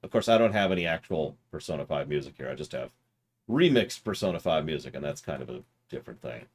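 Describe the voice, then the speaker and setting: A man's voice: rumbling low, big pitch swings, fast talker. A man streaming a video game live, reading in-game documents aloud between joking asides. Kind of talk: live gameplay commentary.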